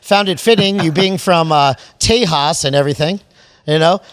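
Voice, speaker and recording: A man's voice: on the high side, moderate pace, fairly bright tone, smooth. A man from Florida hosting a podcast, brash and irreverent, rambling in casual crude chat. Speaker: podcast host.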